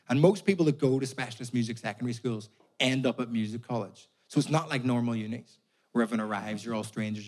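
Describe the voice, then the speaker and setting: A young man with a Belfast accent doing stand-up comedy, animated, sweary and exasperated, on a stage mic. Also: mid-range voice. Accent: Northern Irish, Belfast. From Northern Ireland. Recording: live audience laughter in a venue. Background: audience laughing.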